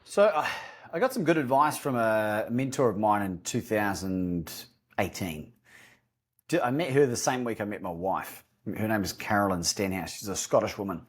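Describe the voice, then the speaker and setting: A man's voice: fairly low pitch, expressive, moderate pace, slightly rough. An Australian man, a guest on an interview podcast, telling a story and acting out phone calls.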